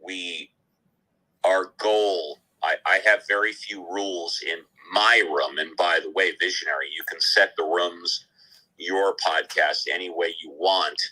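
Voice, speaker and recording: A man moderating an online audio chat room, speaking in a measured, storytelling way. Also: low-pitched, fairly even intonation, bright, forceful tone, low-quality recording.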